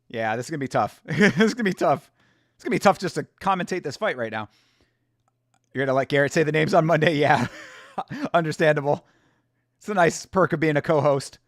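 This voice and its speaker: On a casual fight-reaction livestream, this host banters with viewers, swearing and joking a lot. His voice is on the high side, captured in studio quality with no echo.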